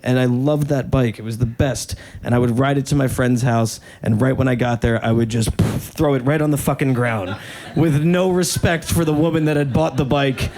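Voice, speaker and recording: A man's voice: medium pitch, normal speed, darkish tone. A man from New York telling a rambling, profane, self-mocking story as a stand-up comedian. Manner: casual, profane and self-mocking, with many "like" fillers.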